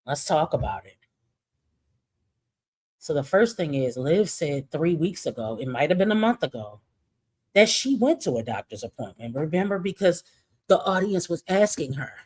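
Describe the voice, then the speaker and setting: A man's voice: a little high, big pitch swings, normal speed, breathy edge, dry recording. A man reacting to a vlog with blunt, scathing commentary. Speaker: commentary youtuber.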